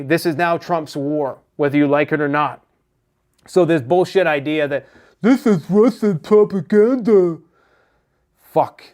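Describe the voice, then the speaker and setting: Man, Canadian accent, political commentary, blunt, sarcastic, swears, slightly high voice. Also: clear, resonant tone. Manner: blunt, sarcastic, profane, mocking put-on voices. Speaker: prepper news commentator.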